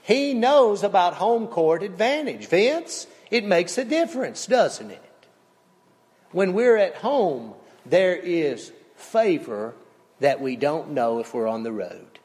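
A man preaches from the pulpit. His delivery is slow and emphatic, rising and falling in pitch and volume. His voice sits a little high, and long reverb from a large sanctuary trails behind him. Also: very animated, darkish tone. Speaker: pastor. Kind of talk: sermon. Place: church sanctuary.

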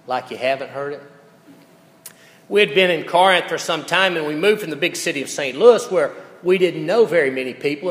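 A male pastor preaching a sermon, telling folksy stories and swinging between loud lines and hushed ones. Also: a little high. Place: church sanctuary. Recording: echoey church hall reverb.

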